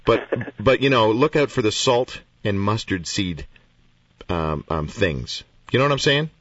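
Chatty low-voiced male radio host. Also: expressive, fairly bright tone, slightly rough, no echo. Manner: chatty, self-deprecating, talks in quick bursts. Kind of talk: casual radio interview. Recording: dull, distant from the mic.

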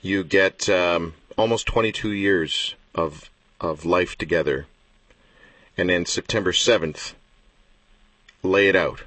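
A male host with a low, husky voice asks long, conversational questions. He sounds a little distant from the microphone, in a dry space. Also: fairly bright tone, dry recording. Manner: brisk, conversational, rambling questions. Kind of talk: interview questions. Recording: voice from far off the mic.

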